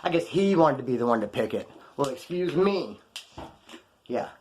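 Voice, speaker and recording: Man, fast-talking, animated, slangy, telling stories to camera. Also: medium pitch, a little hiss or hum. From California. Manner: slangy, animated, acts out other people's lines. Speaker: vlogger telling prison stories. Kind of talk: casual storytelling to camera.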